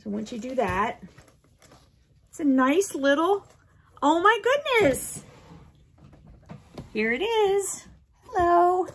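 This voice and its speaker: A woman's voice: extremely high pitch, sing-song, slow pace, pauses often. A woman hosting a casual unboxing video, cooing playfully at her cat and laughing often. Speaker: vlog host.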